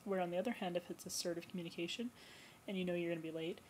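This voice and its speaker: A woman counselor speaking to camera in a relaxed, conversational vlog, explaining ideas for eating disorder recovery. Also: lowish voice, very fast, a little hiss or hum, rough recording. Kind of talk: educational vlog talk.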